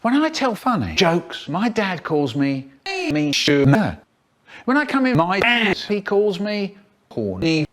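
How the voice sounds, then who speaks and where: A man reciting a comic poem in a measured, deliberate way. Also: high-pitched, big pitch swings, fairly bright tone.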